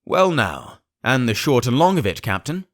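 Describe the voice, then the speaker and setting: A man voicing a calm, shrewd gentleman doctor who speaks in measured, reasoning tones. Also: mid-range voice, pitched above the performer's own voice.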